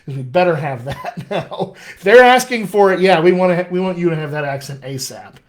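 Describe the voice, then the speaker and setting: Upbeat male dialect coach, slightly high. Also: animated, fairly quick. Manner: upbeat, chatty, reads viewer questions aloud. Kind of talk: live-stream Q&A.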